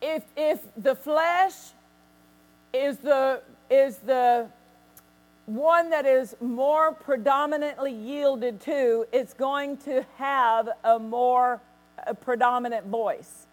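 A woman pastor preaching a sermon, telling stories with lively quoted voices and bursts of acted laughter. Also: high-pitched, slow pace.

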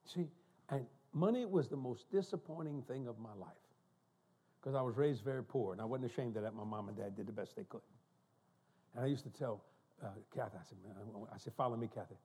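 Older preacher, husky and dark. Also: male voice, mid-range voice, fairly quick. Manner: animated, joking, laughing asides. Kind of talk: storytelling sermon. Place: church sanctuary.

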